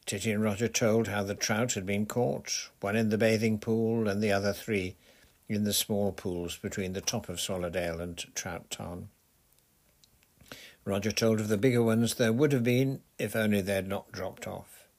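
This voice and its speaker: A man narrating a children's adventure novel in a steady, measured storytelling voice. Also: on the low side. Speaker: audiobook narrator. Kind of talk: scripted narration.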